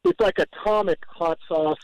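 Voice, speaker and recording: A man's voice: sits high, normal speed, clean tone, no echo, highs cut off. Joking, rambling radio guest, a man. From Southern California. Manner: rambling, jokey, exaggerating with stammered restarts. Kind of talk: casual sports radio banter.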